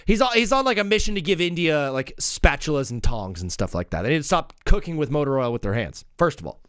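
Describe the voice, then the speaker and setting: A man hosting a live sports comedy call-in stream, bantering with callers in an energetic, joking, rambling way. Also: fairly high pitch, fast talker, smooth, dry recording, clean studio sound.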